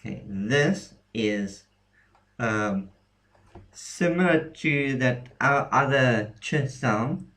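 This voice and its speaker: A man explaining alphabet letters in a casual lesson, halting often with ums and restarts. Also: medium pitch, expressive, a bit bright. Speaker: language teacher. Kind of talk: casual screen-share lesson.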